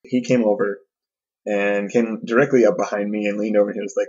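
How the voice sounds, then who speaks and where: A man's voice: on the low side, flat delivery, fairly quick, darkish tone, slightly rough, highs cut off. A man hosting a podcast, telling a casual, self-deprecating story with many fillers and restarts. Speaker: podcast host.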